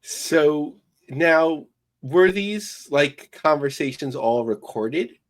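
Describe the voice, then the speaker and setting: A man co-hosting a podcast, asking relaxed questions and thinking aloud with fillers. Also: a little high, very slow. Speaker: podcast co-host. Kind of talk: casual podcast interview.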